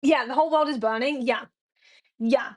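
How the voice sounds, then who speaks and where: A woman's voice: high voice, normal speed. A young woman streaming from home, chatting frankly and swearing a lot as she rambles to her viewers. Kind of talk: casual chat to a live stream audience.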